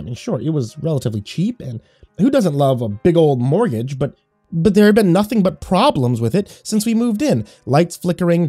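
A man's voice: a little high, dark tone, husky, dry recording. A man giving scripted horror story narration in a wry, sarcastic first-person tone.

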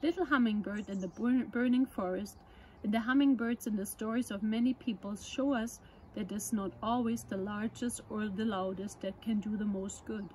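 A woman presenting children's books, reading a picture book aloud at story time in a gentle, measured way. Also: mid-range voice, steady tone, slight background noise, poor audio.

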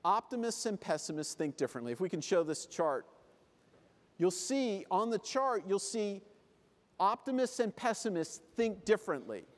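Very animated and high-pitched, this man talks at a normal speed. As a keynote speaker at a convention hall, he delivers a funny motivational talk, playing out small scenes in silly voices, with live reverb around him.

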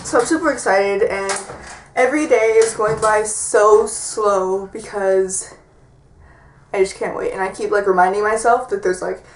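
A woman's voice: mid-range voice, a little slow, low-quality recording. A teenage girl talking casually in a vlog from her bedroom, rambling and filling her talk with "like". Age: teens. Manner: chatty, rambling, heavy use of "like". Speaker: vlogger.

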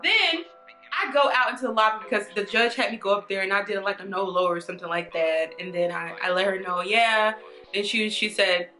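A woman vlogger telling a story in an animated, chatty way, laughing often. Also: medium pitch, brisk. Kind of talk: storytime vlog. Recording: echoey room, faint music.

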